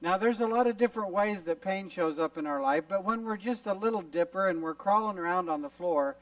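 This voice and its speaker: High-voiced, animated male youth preacher. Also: a little fast, no echo, far from the mic, poor audio. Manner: animated storyteller who acts out little scenes. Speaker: youth conference speaker. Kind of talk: youth sermon with visual illustrations. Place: camp meeting hall.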